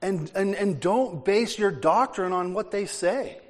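A man preaching a sermon as pastor, emphatic and forceful, with casual asides. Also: high voice, measured pace. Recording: long hall reverb.

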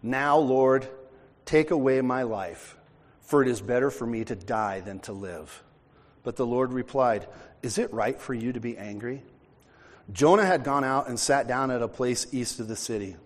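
A man's voice: mid-range voice, moderate pace. A man from the United States preaching a sermon, reading scripture aloud and then explaining it in a conversational way. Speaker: pastor. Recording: long hall reverb.

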